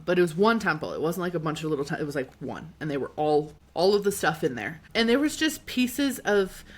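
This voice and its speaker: A woman's voice: low-pitched, a little fast, husky. Chatty woman telling a travel story. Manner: animated, laughing often, lots of "like". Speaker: podcast co-host. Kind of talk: casual storytelling.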